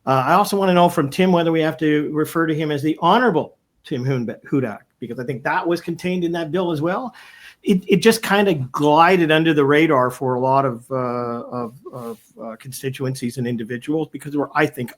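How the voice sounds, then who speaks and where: A man's voice: a little high, a little fast. A man on a political panel, talking conversationally with some hedging.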